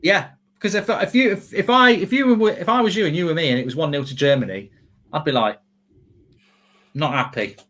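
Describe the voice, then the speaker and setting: A man hosting a live football watchalong, chatting excitedly with frequent restarts. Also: on the high side. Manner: excitable, quick restarts and self-corrections. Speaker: host.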